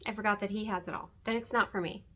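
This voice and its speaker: A woman's voice: mid-range voice, fairly even intonation, fast talker, bright, forceful tone. A middle-aged woman earnestly talking about her faith and fear, often checking in with "right?". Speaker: host. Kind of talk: faith-centered personal testimony.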